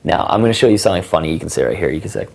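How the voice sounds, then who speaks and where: A man's voice: low-pitched, lively intonation, very fast, creaky, a little mellow. A young man giving casual dating advice in a teaching monologue, full of ums and acted example lines. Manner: casual, filler-heavy, acts out both sides of conversations. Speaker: dating coach.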